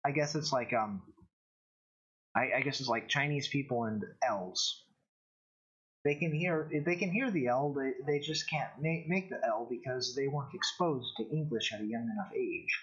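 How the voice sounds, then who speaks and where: A man hosting his own live-streamed show, talking casually in a rambling, halting way with many restarts. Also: medium pitch, fairly bright tone, husky, lo-fi sound. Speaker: show host.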